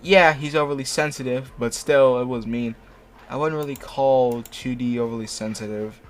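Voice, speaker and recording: A man's voice: mid-range voice, fairly even intonation, normal speed, a little hiss or hum. A young man reading fanfiction aloud in a casual chat, sarcastic and stumbling over words.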